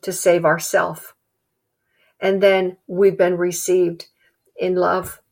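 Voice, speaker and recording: A woman preaching a sermon in an earnest, halting way, repeating phrases for emphasis. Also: fairly low pitch, level tone, creaky, darkish tone.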